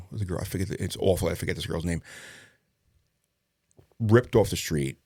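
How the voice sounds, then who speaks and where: A middle-aged man with a low, gravelly voice tells loose, profane stories from his years as a detective. He rambles casually and slips into other people's lines as he goes. The sound is dry and close, with no room around it. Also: a little fast, pauses often, darkish tone, no echo. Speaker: retired police detective, guest. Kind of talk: casual storytelling interview.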